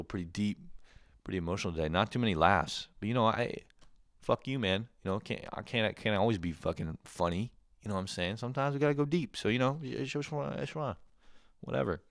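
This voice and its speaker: A Canadian man hosting his own show, talking in a casual comedic monologue, animated and swearing, laughing often. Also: sits low, no echo, studio quality. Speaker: podcast host.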